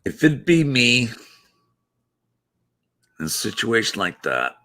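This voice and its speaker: A man hosting a casual live-stream chat, talking slowly and haltingly as he thinks aloud. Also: medium pitch, huge pitch swings, bright, forceful tone. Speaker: show host.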